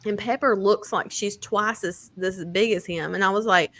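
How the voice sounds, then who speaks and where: A woman's voice: mid-range voice, fairly even intonation, moderate pace, fairly bright tone. A woman co-hosting a casual chat, talking chattily and laughing often. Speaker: podcast co-host.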